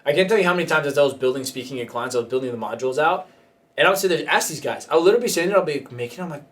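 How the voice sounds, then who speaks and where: Animated, joking male podcast host. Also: a little high, racing, far from the mic. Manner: animated, joking, laughs often, mock voices. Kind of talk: casual podcast banter and advice.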